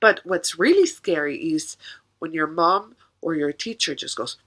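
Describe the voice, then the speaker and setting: A woman's voice: sits low, animated, unhurried, rough recording. A woman teacher reading a poem aloud and explaining it patiently to children, checking in with questions as she goes.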